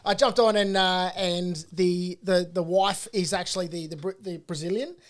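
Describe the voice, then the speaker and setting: A man's voice: sits high, steady tone, moderate pace. An Australian man co-hosting a casual property podcast in a studio, earnest and emphatic, often repeating his words as he makes a point. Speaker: property coach and co-host.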